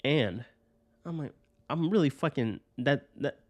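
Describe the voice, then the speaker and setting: A male podcast host rambles through a personal story in a casual monologue, swearing often and tagging sentences with "right?". His mid-range voice has lively intonation, a slightly slow pace, and a mellow tone, with no room sound.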